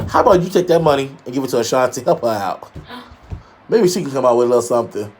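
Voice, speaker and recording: A man's voice: animated, fast, a little mellow, a little hiss or hum. A man co-hosting a casual gossip talk show, sassy and emphatic, full of shade. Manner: sassy, shady, emphatic with big pitch jumps. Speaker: co-host.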